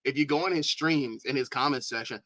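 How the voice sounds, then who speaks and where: Incredulous streamer host with a bright, close, dry voice and frequent laughs. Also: mid-range voice, brisk, no room sound, poor audio. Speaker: livestreamer. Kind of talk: livestream reaction commentary.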